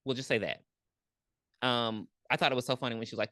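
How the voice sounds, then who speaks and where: A woman co-hosting a podcast, recapping a movie in blunt, profane, animated casual chat. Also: extremely low pitch, quick pace, no room sound, studio quality. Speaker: podcast co-host.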